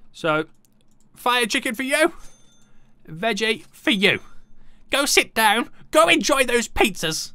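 Animated young gaming YouTuber. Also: male voice, high voice, dry recording. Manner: playful, chatty, talks to game customers. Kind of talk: casual gameplay commentary.

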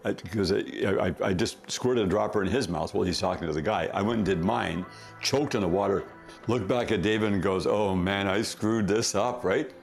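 A man's voice: on the low side, moderate pace, vocal fry, soft background music. A man, a company founder, telling a rambling story in a casual interview, correcting himself often and laughing.

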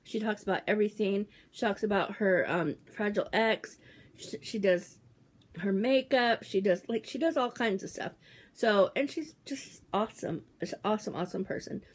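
A woman in her forties, opening a package on a casual vlog, talking excitedly with lots of fillers. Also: mid-range voice, normal speed, breathy edge. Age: 40s. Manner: gushing, excitable, trails off with fillers. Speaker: YouTuber opening a mail package.

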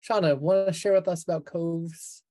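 A man leading a church service, giving offering announcements in a measured, earnest way. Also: on the high side, fairly even intonation, warm tone. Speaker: worship leader.

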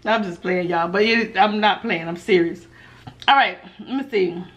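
A woman chatting casually while she eats on camera, reading viewer questions aloud and answering in a laid-back, animated way that often breaks into laughs. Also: medium pitch, moderate pace, dull audio. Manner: animated, laughs often when telling stories. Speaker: mukbang vlogger.

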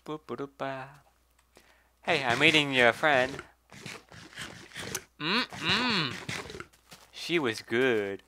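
A man's voice: medium pitch, a little slow, few pauses, noisy background. A man giving casual gameplay commentary, chatty, swearing, and talking to the animals in the game. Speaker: gameplay video host.

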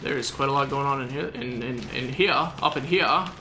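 A man's voice: mid-range voice, brisk, bright, forceful tone, slight background noise. A man from the Southern US giving rambling, self-mocking gameplay commentary as a gaming video host.

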